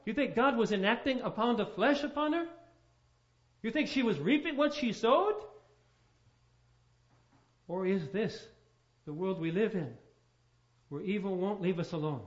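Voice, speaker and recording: Male pastor preaching, storytelling, lots of rhetorical questions, highish voice, muffled lo-fi sound. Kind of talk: sermon.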